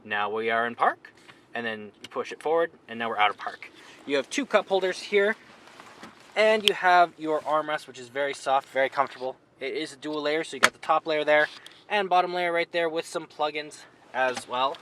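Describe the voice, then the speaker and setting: A man's voice: on the high side, expressive, normal speed. Young man, friendly dealership salesman, casual on-camera walkaround, light outdoor noise. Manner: friendly, upbeat, plain-spoken with small slips. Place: outdoors at a car lot and inside a vehicle.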